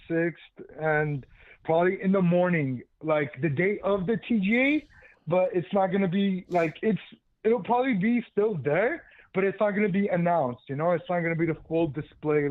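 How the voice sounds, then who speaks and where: A man's voice: fairly high pitch, no room sound. A man calling into a casual chat show, talking in a slangy, laid-back way. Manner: slangy, laid-back, says bro and dude. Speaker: caller. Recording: tinny phone line.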